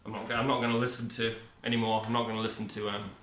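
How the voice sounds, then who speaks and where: A man's voice: fairly low pitch, little pitch movement, racing, fairly bright tone. A man giving a rambling, upbeat self-help monologue, often cutting himself off mid-word. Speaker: vlogger. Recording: echoey room.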